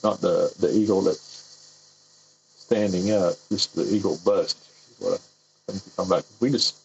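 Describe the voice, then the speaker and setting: Low, steady, and creaky, the voice moves at a moderate pace over dull audio and slight background noise. It's an airbrush artist streaming from his home workshop, chatting loosely and poking fun at himself while he paints.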